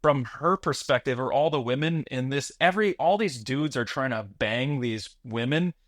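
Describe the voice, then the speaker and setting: A man's voice: medium pitch, moderate pace, a bit bright, no room sound, studio quality. A man co-hosting a movie review podcast, making his points earnestly in a rambling way, restarting his sentences and swearing casually. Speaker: podcast co-host.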